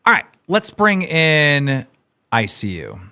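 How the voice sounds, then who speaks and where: Brash male streamer host, animated delivery, profane, slightly higher voice. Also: slow pace, clean tone. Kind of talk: casual streamer chat.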